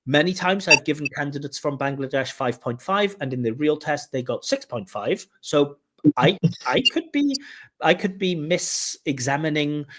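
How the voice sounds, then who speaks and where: A man working as a speaking test examiner, giving a candidate direct, explanatory feedback on his scores. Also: a little high. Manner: direct, explanatory, mimics flat intonation with "duh duh". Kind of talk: giving spoken exam feedback.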